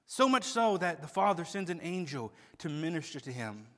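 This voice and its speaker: A man preaching an expository sermon, swinging from hushed low tones to loud emphatic peaks and often repeating words as he starts a phrase. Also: sing-song, moderate pace. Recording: long hall reverb.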